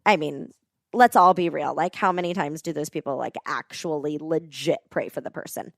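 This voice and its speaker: A woman tells a heartfelt story in an earnest, animated way, dropping casual fillers as she goes. Her voice sits low and carries a gravelly fry. The recording is dry and close. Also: moderate pace, no room sound. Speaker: podcast guest, nonprofit co-founder.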